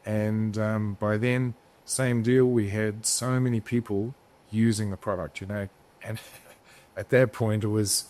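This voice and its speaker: A man with a lowish voice talks as a podcast guest in a loose, casual storytelling way. He rambles, circles back, and restarts his sentences often. He drops swear words freely along the way. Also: steady tone, unhurried, darkish tone. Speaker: podcast guest, business founder.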